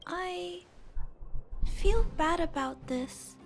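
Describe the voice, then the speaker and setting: Sweet young girl, high voice, soft and earnest, thoughtful, game character, faint music. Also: drawn-out words, creaky, heavily acted. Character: kind young girl, gentle robot fixer.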